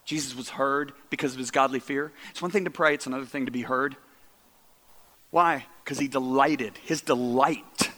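A man preaching a sermon and telling a story, animated, often repeating words and dropping to a hushed voice. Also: medium pitch, normal speed, in a large hall.

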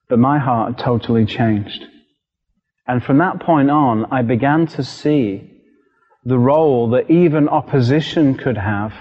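A middle-aged British man preaching a sermon, telling a personal story in an animated, vivid way. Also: mid-range voice. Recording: dull lo-fi recording with long hall reverb.

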